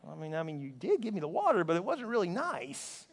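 A man's voice: sits high, huge pitch swings, a little fast. A man preaching a sermon as a pastor, emphatic and exhorting, with playful asides. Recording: long reverb of a large hall.

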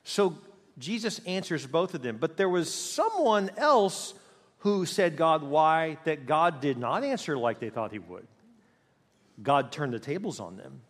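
A man preaching a sermon in an animated, storytelling way, recorded in a church sanctuary. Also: fairly high pitch, a little slow. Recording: long hall reverb.

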